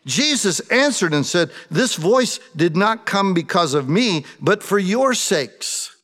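A man's voice: high-pitched, very animated, slow pace, fairly bright tone, in a large hall. A man preaching a sermon, addressing the congregation and acting out quoted prayers with feeling.

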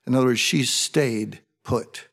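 A man's voice: medium pitch, unhurried, gravelly, long reverb tail. A man preaching a conversational sermon, asking his congregation rhetorical questions with a wry sense of humor. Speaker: pastor.

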